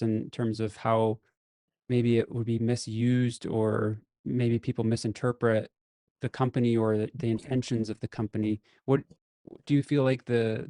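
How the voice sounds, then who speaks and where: A man with a mellow, darker tone hosts a casual podcast interview, asking long, winding questions. His voice sits in a mid range and sounds dry and close to the mic. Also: mid-range voice, no room sound. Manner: asks long searching questions, many "mm-hmm" backchannels. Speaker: podcast host.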